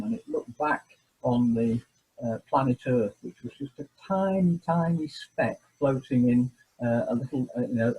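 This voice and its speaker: A man speaks over a video call in a relaxed, mellow voice with a rough, husky edge. He talks hesitantly, stopping and restarting often. His pitch sits in the middle range. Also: rough recording. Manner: hesitant, many fillers and restarts. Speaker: guest, former mayor. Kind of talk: casual interview, reading a quote aloud. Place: home, remote video call.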